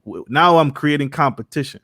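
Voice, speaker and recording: A man talking on a discussion panel, animated and often acting out other people's voices. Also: a little high, a little fast, no room sound, studio quality. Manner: animated, acts out quoted voices.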